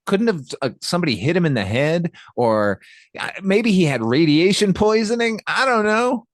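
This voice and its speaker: A man's voice: on the high side, very animated, moderate pace, no echo, clean studio sound. A man co-hosting a casual film discussion, dropping wry, sarcastic asides. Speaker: podcast co-host.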